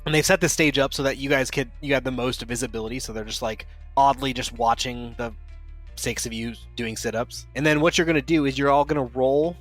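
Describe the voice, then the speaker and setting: A man acting as game master, explaining the rules in a relaxed, rambling way. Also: medium pitch, a little fast, faint music behind. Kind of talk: narrating a tabletop game.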